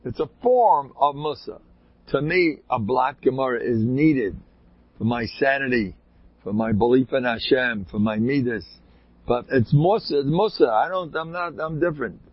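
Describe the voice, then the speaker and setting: A man's voice: medium pitch, normal speed, no echo, dull audio. A man telling rambling anecdotes in a casual way, with sudden emphatic bursts.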